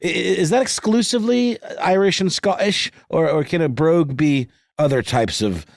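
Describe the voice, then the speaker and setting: A man's voice: a little high, normal speed, creaky, dry recording, clean studio sound. A man co-hosting a podcast, playful and jokey in casual banter. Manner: playful and jokey, with goofy voices. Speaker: podcast co-host.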